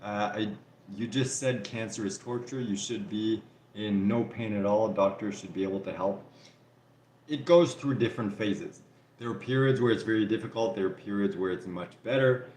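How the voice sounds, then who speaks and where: A lowish, slightly mellow male voice moves at normal speed through a reverberant space with a little hiss or hum. The French Canadian host from Canada reads out viewer comments and answers their questions in a live Q&A, his casual chat full of "like" and "you know."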